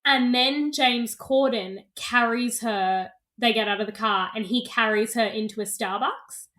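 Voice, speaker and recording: A woman's voice: fairly high pitch, unhurried, fairly bright tone. A woman co-hosting a podcast, telling gossip stories in casual chat and laughing often. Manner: chatty storyteller, laughs often. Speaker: podcast co-host.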